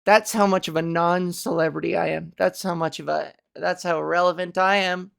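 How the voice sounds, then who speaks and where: Lady doing her solo podcast, rambly, swears a lot, self-mocking, gravelly edges. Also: on the low side, fairly even intonation, moderate pace. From Canada. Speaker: comedian podcast host. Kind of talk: casual solo podcast chat.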